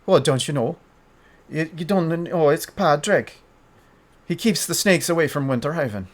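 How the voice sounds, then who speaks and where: A man's voice: fairly high pitch, lively intonation, moderate pace, pitched above the performer's own voice. A man voicing a genial male town lord, speaking in a put-on Irish accent with a hearty, welcoming manner.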